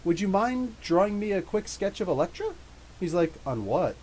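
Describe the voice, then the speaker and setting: A man with a high voice chats through an excited story on his podcast. He acts out lines of dialogue as he goes, and his delivery stays loose and animated. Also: normal speed, slight background noise, low-quality recording. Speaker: podcast host. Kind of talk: casual live storytelling.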